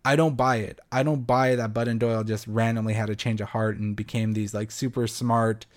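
A man's voice: on the low side, steady tone, brisk. A young man hosting a podcast, giving a blunt, sarcastic film review and swearing freely. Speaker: podcast host. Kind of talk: casual film review monologue.

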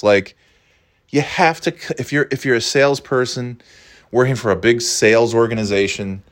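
A male podcast host rambles through a casual monologue, swearing freely. His storytelling is loose and self-mocking, full of restarts and asides. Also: medium pitch.

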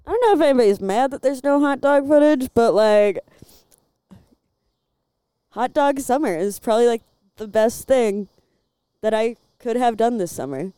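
A young woman from Illinois with a Midwestern accent, rambling through stories on a podcast. Her voice is mellow, smooth and very clear, recorded close and dry. She peppers every phrase with "like" and casual curses. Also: a little high, normal speed, long pauses, no room sound. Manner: chatty storyteller, fills talk with "like", swears freely. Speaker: podcast guest, bar door worker. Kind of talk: casual chat.

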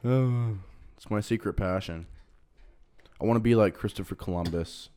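Young male co-host, low-pitched, swears freely, loose and jokey. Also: normal speed, mellow, smooth. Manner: profane, laid-back, jokey. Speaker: podcast co-host. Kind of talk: crude casual banter.

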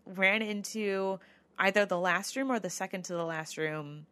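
A woman's voice: mid-range voice, normal speed, bright, forceful tone. A woman co-hosting a podcast, telling a ghost-hunt story in a chatty way, with lots of fillers and laughs. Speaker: podcast co-host. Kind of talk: casual chat.

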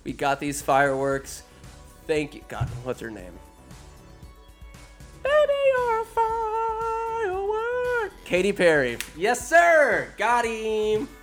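A man hosting a comedic movie recap, loose and crude in how he tells it. His voice sits a little above average for a man, with soft music faint in the background. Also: a little high, big pitch swings, unhurried. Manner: loose, crude, joking storytelling.

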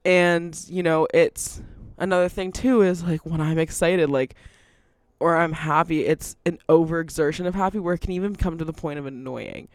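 A woman's voice: deep voice, fairly even intonation, normal speed, dry recording. Casual woman, chatty and unfiltered, laughs mid-sentence, dry close mic. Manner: rambling, laughs often, swears freely. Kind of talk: casual monologue.

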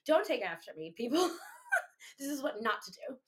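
A woman's voice: sits high, normal speed. A woman in her twenties hosting a casual chat, telling stories with lots of giggling. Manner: giggly, animated storytelling. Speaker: podcast host.

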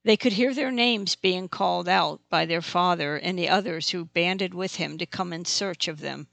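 Gravelly, dry audiobook narrator. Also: mid-range voice, normal speed, few pauses, a bit bright, no room sound. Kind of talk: scripted narration.

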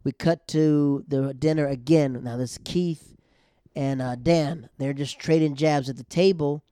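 A young man hosting a recap show, telling the story of an episode in a casual, slangy and animated way. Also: a little high, a little slow, clean tone, no echo, studio quality. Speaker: podcast host recapping a TV episode.

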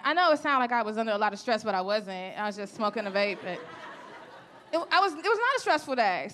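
A Chicago woman performs stand-up on a club stage, telling stories in a brash, profane, conversational style. Her voice is a little high and slightly bright, with a faint hiss or hum, and the live recording picks up audience laughter and room murmur.

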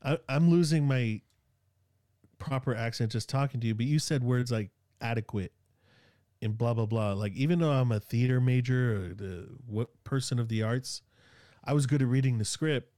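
A man's voice: medium pitch, moderate pace, dark tone, no echo, clean studio sound. A man from Sacramento with a Northern Californian accent, chatting casually and rambling with lots of fillers and slang. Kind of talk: casual chat.

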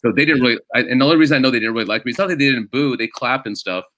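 A man's voice: mid-range voice, rapid-fire, fairly bright tone, dry recording. A man, a stand-up comedian, telling stories in a casual podcast chat and laughing as he talks.

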